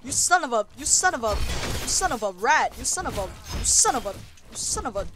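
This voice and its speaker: A speaker giving live gameplay commentary, trash-talking opponents and swinging between low mutters and sudden yells. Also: big pitch swings, brisk, background noise. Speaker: gamer.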